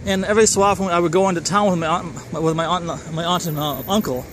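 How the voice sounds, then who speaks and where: A middle-aged man with a Minnesotan accent tells a personal story in a loose, rambling way, often backing up to correct himself. His voice sits a little high for a man and carries a wry edge. Faint traffic and outdoor ambience hum behind him. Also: fairly even intonation, fast talker, fairly bright tone.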